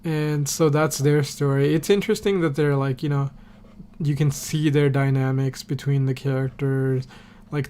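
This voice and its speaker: Gravelly, rambling podcast host guy. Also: a little high, a little mellow. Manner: rambling, filler-heavy, swears casually. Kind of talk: casual episode recap.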